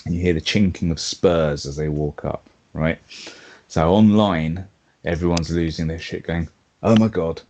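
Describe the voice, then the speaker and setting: Very deep-voiced man recapping casually. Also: fairly even intonation, normal speed, warm tone. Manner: rambling, filler-heavy storytelling. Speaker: podcast co-host. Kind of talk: casual fan chat recapping episodes.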